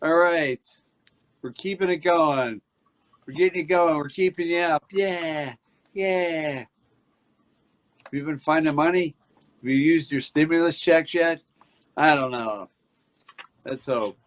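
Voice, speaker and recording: A man's voice: fairly high pitch, takes it slowly, pauses often. Jokey male variety show host. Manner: jokey, chatty introductions.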